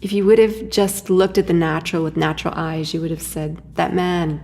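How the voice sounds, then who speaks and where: Low-voiced woman, hesitant interview guest. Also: fairly even intonation, brisk, mellow, slight background noise. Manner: hesitant, many fillers and restarts, laughs often. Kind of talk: reflective conversational interview.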